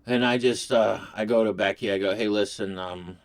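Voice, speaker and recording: This host, a man with a fairly low voice, rambles through a comic story to camera at a normal speed, his intonation fairly even. The delivery is casual, crude and loose, with plenty of swearing.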